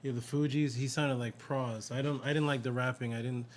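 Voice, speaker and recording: A man's voice: medium pitch, fairly even intonation, brisk, a little hiss or hum. A man co-hosting a live stream, critiquing a song in a rambling way with many fillers and repetitions. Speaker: co-host reviewing songs. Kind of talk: casual live-stream chat.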